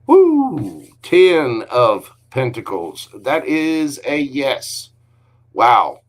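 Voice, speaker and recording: A man's voice: medium pitch, expressive, drawn-out words, slight background noise. A man giving a live tarot reading in an upbeat, encouraging way, with frequent exclamations. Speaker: tarot card reader.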